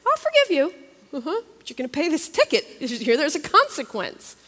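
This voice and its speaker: A woman's voice: high-pitched, huge pitch swings, normal speed, fairly bright tone, pitched above the performer's own voice, full character voice. A woman voicing the Lord as a kind but firm male judge, patient and matter-of-fact, in a reverberant hall. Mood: gently firm.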